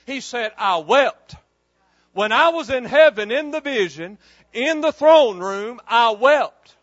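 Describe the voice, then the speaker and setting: A man's voice: very high voice, lively intonation, slow pace, no echo, highs cut off. A man preaching a fervent, emphatic sermon full of repetition.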